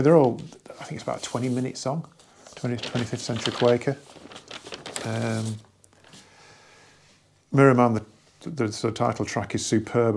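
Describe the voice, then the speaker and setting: A man casually talking through an album from his record collection, rambling and enthusiastic with many pauses and restarts. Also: mid-range voice, darkish tone, slight background noise. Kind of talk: casual hobby vlog.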